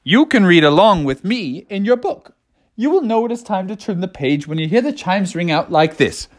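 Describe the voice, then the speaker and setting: Animated storybook narrator. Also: medium pitch, normal speed. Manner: playful, animated, casual phrasing. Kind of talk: children's storybook read-aloud.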